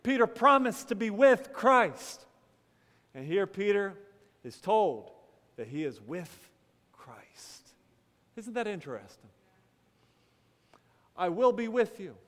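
A man, a pastor, preaching a sermon with dramatic pauses, dropping from loud to hushed and breaking into casual storytelling. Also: high voice, very animated. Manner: casual storytelling with quick asides. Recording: long hall reverb.

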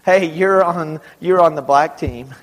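A man from Dallas speaking to a young audience, telling animated, self-mocking stories in a large hall. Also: a little high, unhurried. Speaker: youth speaker. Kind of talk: storytelling talk to kids. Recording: long hall reverb.

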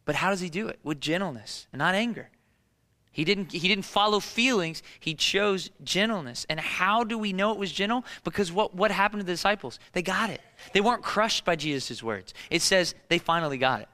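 A male pastor in his thirties delivers a sermon with a bright, forceful, slightly high voice. He hammers on key phrases and keeps asking rhetorical questions. The sound carries a long hall reverb. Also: animated, fairly quick.

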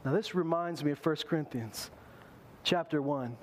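A male pastor preaching a sermon in an animated way, acting out the voices he quotes. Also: fairly high pitch, moderate pace, slight background noise.

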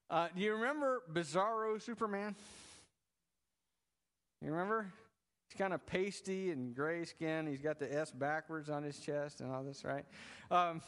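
A pastor preaching to his congregation in a loose, conversational way, tossing in jokes as he goes. His voice sits a little high for a man. The sound carries a long reverb from a church sanctuary. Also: a bit bright. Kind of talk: sermon.

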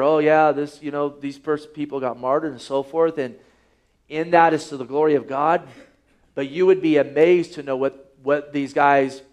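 A man delivering a sermon from the pulpit, with a voice pitched a little above most men's. He drives his points home by repeating rhetorical questions and stressing key words. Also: a little mellow. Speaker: pastor.

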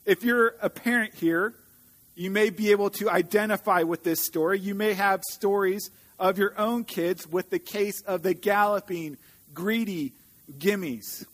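A man's voice: high voice, unhurried, fairly bright tone. A man preaching a sermon in a playful, chuckling way, reading a children's storybook aloud.

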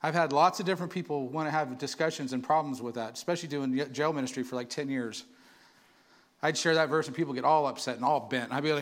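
Animated high-voiced preacher. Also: male voice, quick pace. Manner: animated, conversational preaching with call-and-response. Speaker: pastor. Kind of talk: sermon.

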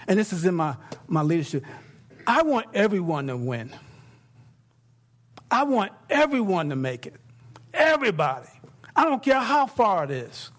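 A middle-aged man preaching a sermon as pastor, talking conversationally and swinging between quiet, hushed points and excited bursts. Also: high-pitched.

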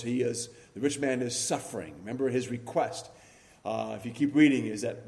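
A male pastor delivers a sermon in a measured, teaching way, leaning on key words now and then. His voice is dark and mellow, at an ordinary pitch for a man. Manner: measured teaching delivery with occasional fillers and emphatic stresses. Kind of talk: expository sermon.

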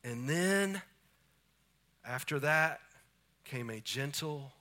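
A man preaching a sermon, swinging between booming lines and hushed, intimate ones in a church. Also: a little slow. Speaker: pastor. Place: church sanctuary.

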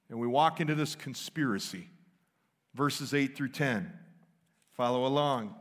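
A man's voice: medium pitch, unhurried, pauses often, in a large hall. A man preaching a sermon, reading scripture and retelling it in casual everyday language.

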